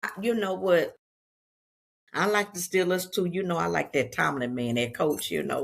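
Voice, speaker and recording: A woman's voice: fairly low pitch, steady tone, moderate pace, vocal fry. A woman with a Southeast Texas accent, talking casually and unscripted to her viewers in a chatty, folksy way. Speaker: vlogger.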